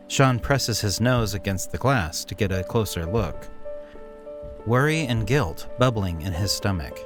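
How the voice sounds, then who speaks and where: A man narrating an immersive story in a slow, dramatic storytelling manner. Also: fairly low pitch. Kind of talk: scripted narration.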